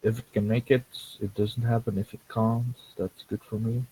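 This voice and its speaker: A man playing a tabletop game, asking measured questions about the rules. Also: lowish voice, level tone, dark tone, a little hiss or hum, low-quality recording. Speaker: player.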